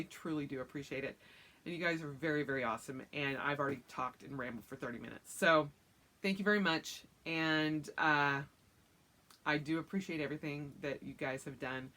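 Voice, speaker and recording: Lady vlogging, rambly and chatty, lowish voice but bright. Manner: rambling, chatty, acts out quotes in excited high voice. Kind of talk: casual chat to camera.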